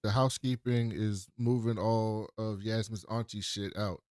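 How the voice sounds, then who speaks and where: A man's voice: lowish voice, steady tone, a little slow, a little mellow, dry recording, clean studio sound. A man co-hosting a podcast, retelling TV scenes in a casual, profane way and laughing as he goes. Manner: profane, laughing storyteller who acts out the quotes. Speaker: podcast co-host. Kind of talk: casual TV recap chat.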